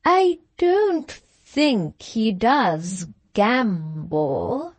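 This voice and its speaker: A woman's voice: on the high side, animated, slow pace, darkish tone, no echo. A woman doing a plaintive, self-pitying lady. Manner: plaintive, complaining. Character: aggrieved, self-pitying aristocratic wife, middle-aged woman.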